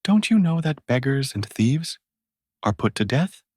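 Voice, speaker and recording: A man's voice: medium pitch, big pitch swings, measured pace, a little mellow, slightly rough, no echo, clean studio sound, voice pushed up. A man reading a storybook and voicing a sly young beggar and thief. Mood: menacing.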